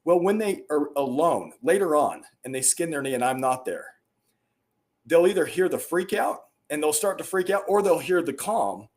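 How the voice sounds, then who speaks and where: A man's voice: fairly high pitch, big pitch swings, moderate pace, darkish tone. Earnest, emphatic man on a podcast. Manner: earnest and emphatic, with rising bursts of energy. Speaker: podcast guest. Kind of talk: conversational interview storytelling.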